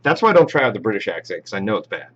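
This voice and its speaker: A man hosting a live show, chatting casually and reading out viewer shout-outs. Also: fairly low pitch, very animated, rapid-fire, muffled recording, a little hiss or hum. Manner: reads viewer names and approves shout-outs, chatty with fillers. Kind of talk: casual live stream chat.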